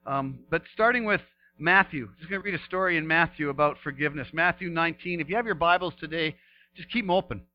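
A man with a fairly high voice preaches to his congregation, reading scripture and commenting on it. His delivery swings between emphatic, rising peaks and quiet asides. The recording sounds a bit muffled, with a faint hum underneath. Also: fast talker. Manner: animated preaching, voice rising to emphatic peaks then dropping soft. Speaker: pastor.

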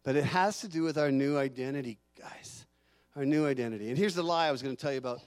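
A middle-aged man preaching a sermon in an animated way, sometimes acting out the voices of the people he quotes. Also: medium pitch, fast talker, dry recording. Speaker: pastor.

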